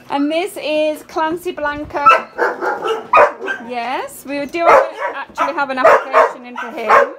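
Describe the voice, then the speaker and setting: A woman's voice: high-pitched, measured pace, very noisy. A woman at a dog rescue, introducing new dogs in a casual walkaround video and cooing baby talk to them, recorded outdoors by the kennels on a phone. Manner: coos and baby-talks to the dogs.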